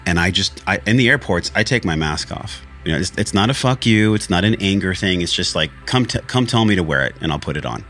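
A man's voice: sits low, lively intonation, fast talker, hardly any pauses, a bit bright, faint music behind. A man hosting a podcast, talking earnestly and candidly about a spiritual journey, with frequent swearing. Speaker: podcast host. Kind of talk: candid reflective monologue.

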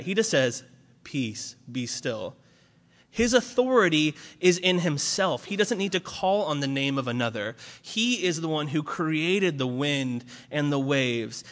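A man preaching a conversational sermon, casual and animated with many fillers. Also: a little high, long reverb tail.

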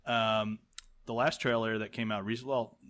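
A man's voice: lowish voice, level tone, moderate pace, a bit bright. A man co-hosting a casual podcast chat, rambling with lots of fillers and laughing often. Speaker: podcast co-host.

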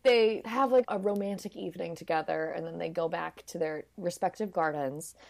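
A woman's voice: on the low side, normal speed, creaky. A woman casually and playfully recapping a film in conversation, acting out characters in silly voices. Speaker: podcast co-host recapping a film. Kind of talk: casual chat.

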